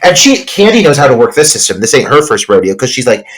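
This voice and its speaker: A man co-hosting a casual film podcast, recapping scenes in an excited, emphatic way. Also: medium pitch, quick pace, rough recording. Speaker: podcast co-host.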